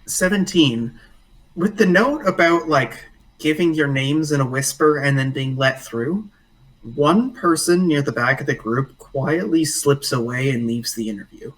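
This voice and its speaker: A man running a tabletop game as game master, narrating in a relaxed way full of fillers. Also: fairly high pitch, a little slow, distant mic, poor audio.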